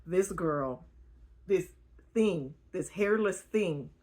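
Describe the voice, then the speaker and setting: A woman voicing a huge blue horned alien man, smitten, speaking low and hushed. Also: expressive, extremely slow, heavily acted.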